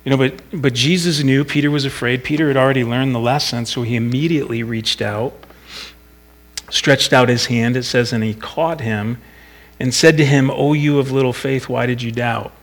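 A man's voice: medium pitch, steady tone, normal speed. A middle-aged man giving an informal Bible devotional in a conversational, reflective way, thinking aloud as he talks.

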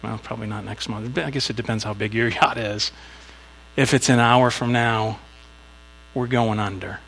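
A man delivers a sermon with a gravelly, creaky edge to his voice. He speaks conversationally and slips into small acted asides while telling a story. A faint electrical hum sits behind the recording. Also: on the low side, fairly even intonation, normal speed, fairly bright tone, rough recording. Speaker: pastor.

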